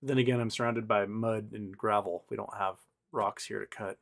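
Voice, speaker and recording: Guy rambling on his livestream, lots of um and like, restarts all the time, reads chat out loud. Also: fairly low pitch, steady tone, normal speed, vocal fry. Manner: rambling, many fillers and restarts; reads viewer chat aloud. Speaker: livestream host.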